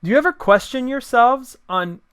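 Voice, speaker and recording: A man gives a combative opinion monologue, firing off one sarcastic rhetorical question after another. His voice sits high and sounds bright and forceful. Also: expressive, normal speed, smooth. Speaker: political commentator.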